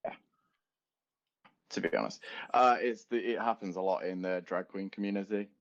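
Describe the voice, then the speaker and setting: A young man with a lowish voice chats his way through a podcast, rambling and laughing as he goes. The recording is dull and lo-fi, like a home setup. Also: fairly even intonation, normal speed. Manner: rambling, laughs often, chatty. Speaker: podcast co-host. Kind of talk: casual chat.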